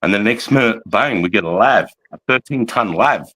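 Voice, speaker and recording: Australian man, forties, low voice, foul-mouthed rambling army yarns, mate and bro every line. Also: lively intonation, moderate pace, a bit bright, breathy edge, rough recording. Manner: swears constantly, rambling, calls listener mate and bro. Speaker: army veteran guest. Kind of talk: casual storytelling.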